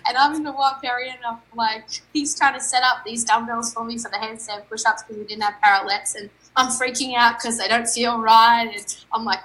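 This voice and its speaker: A woman's voice: on the high side, steady tone, brisk, few pauses, a bit bright, poor audio. A young adult woman, an athlete guest on a podcast, telling a story candidly and animatedly and quoting her own thoughts.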